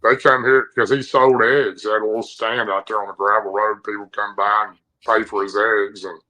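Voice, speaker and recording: A man's voice: lowish voice, flat delivery, normal speed, pushed and bright, rough recording. A man from Tennessee, telling a story casually in a rambling, vivid way with rural turns of phrase. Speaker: podcast guest telling an encounter story.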